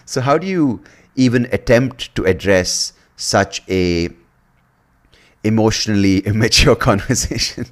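A man hosting an interview who talks in an animated way, laughs often and restarts his sentences. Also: fairly low pitch, unhurried. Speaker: podcast host. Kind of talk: conversational interview.

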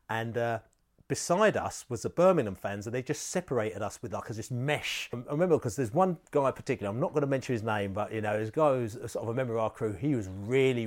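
A man, a football fan telling animated stories from away matches and laughing as he goes. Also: lowish voice. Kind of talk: casual storytelling.

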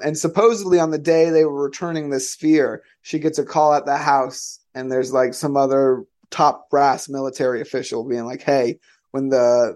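A man recounts an odd tale in a relaxed, rambling way. His voice sits a touch high, and he keeps dropping in "um" and "like" as he goes. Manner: chatty, many fillers and "like". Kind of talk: casual storytelling.

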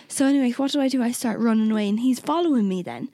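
A woman's voice: fairly high pitch, rapid-fire, hardly any pauses, dark tone, no echo, clean studio sound. Candid young woman telling a story. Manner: candid, swears freely, acts out quoted exchanges. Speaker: podcast co-host. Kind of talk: casual chat, personal storytelling.

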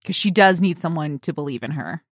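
Chatty podcast woman, pitch jumps all over, laughs a lot, dry sound. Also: fairly quick, no echo. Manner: lively, laughs often. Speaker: podcast co-host. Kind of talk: casual chat.

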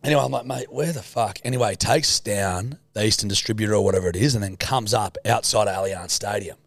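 Gravelly Australian man telling yarns. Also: lowish voice, fast, no room sound. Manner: sweary storytelling. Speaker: podcast co-host. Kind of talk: casual chat.

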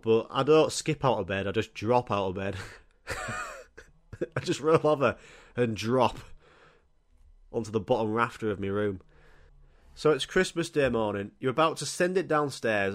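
A man, telling crude, animated comic stories as a podcast host and swearing freely. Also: mid-range voice, normal speed. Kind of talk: comic storytelling monologue.

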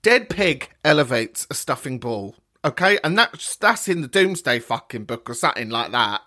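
A woman's voice: rumbling low, very animated, moderate pace, pushed and bright. A woman hosting a podcast, ranting in a sweary, mock-haughty, theatrical way. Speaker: podcast host. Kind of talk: casual comedic rant.

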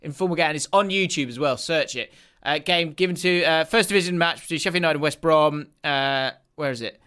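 A man's voice: a little high, a little fast, pushed and bright, smooth. A young man co-hosting a casual football podcast, laughing often and rambling as he reads out the fixtures. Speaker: podcast co-host.

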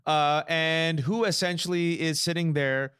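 A man co-hosting a podcast, talking politics in a casual, jokey way and slipping into quick impressions. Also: on the high side, steady tone, a bit bright, smooth. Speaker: podcast co-host.

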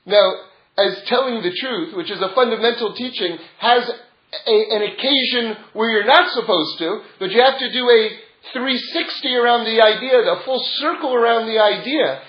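A man with a very high-pitched voice, speaking at normal speed, gives an informal religious lecture as a Torah teacher. He tells stories digressively and chuckles often, in a roomy, dull lo-fi recording.

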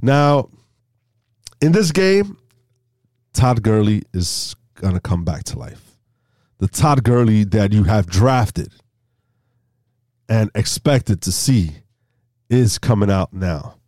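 A man's voice: slow, long pauses, no room sound, studio quality. A man co-hosting a fantasy football podcast, leading the segments in casual chat, often stumbling and restarting his sentences. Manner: leads the segments, stumbles and restarts, lively pitch swings.

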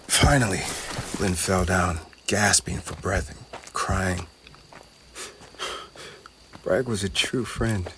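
A man narrating a children's storybook in a gentle, measured way. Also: deep voice, noisy background.

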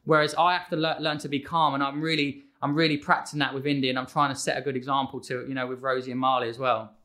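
A man's voice: medium pitch, fast. A man, chatting casually as a guest and acting out his children's voices. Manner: animated, acts out his kids' voices. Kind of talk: casual conversation.

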